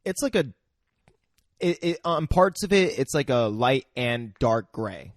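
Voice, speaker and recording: A man's voice: medium pitch, lively intonation, measured pace, dry recording, studio quality. A man co-hosting a comedy podcast, chiming in with short agreeing remarks and the odd profane joke. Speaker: podcast co-host. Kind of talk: casual comedic chat.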